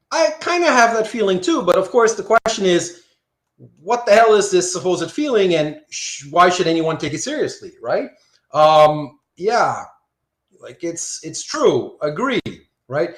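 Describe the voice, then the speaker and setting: A Surrey, Canada philosophy instructor lectures live online at a normal speed, his high voice full of lively intonation and the room audible around him. Conversational throughout, he voices student comments and asks "right?" almost every time he makes a point.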